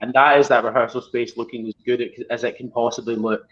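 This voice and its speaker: A man's voice: medium pitch, steady tone, fast talker, a bit bright, muffled recording. A man with a Scottish accent talking casually about his band's recording, chatty and loose. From Scotland. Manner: chatty, many "like" fillers. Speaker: band member. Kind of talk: casual interview.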